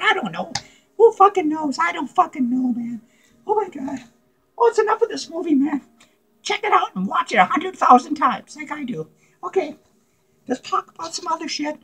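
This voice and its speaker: A man's voice: very high-pitched, fairly bright tone, exaggerated voice, poor audio. A man playing a manic, unhinged male clown who rambles giddily and crudely in a comedic character vlog, cackling and swearing. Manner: cackling, profane, giddy rambling.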